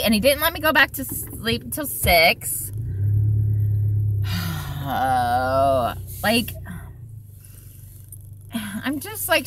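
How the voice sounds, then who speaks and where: A woman's voice: medium pitch, sharp tone, slight background noise. A woman chatting casually in a vlog, rambling and swearing freely while sitting in her car at a drive-through. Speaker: vlogger.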